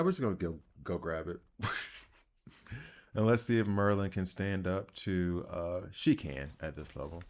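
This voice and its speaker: A man with a deep, low voice and a Southern accent talks his way through a video game. His commentary is loose and rambling, and he keeps laughing at his own odd tangents. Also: vocal fry. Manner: rambling, self-deprecating, chatty. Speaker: gaming channel host. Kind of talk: casual gameplay commentary.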